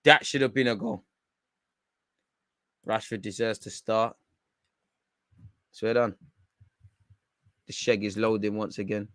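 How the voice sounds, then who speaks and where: A man reacting live to a football match from home, bantering in slang and shouting when chances come. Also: on the low side, fairly even intonation, slow, long pauses, no echo, studio quality. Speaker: football watchalong streamer.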